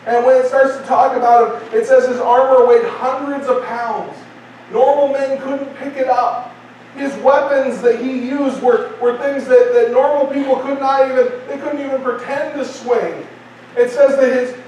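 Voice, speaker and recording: A man's voice: very high-pitched, a little mellow, recorded from a distance, a little hiss or hum. A man preaching a sermon in a church, conversational and repetitive, building emphasis. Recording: very echoey church hall from afar.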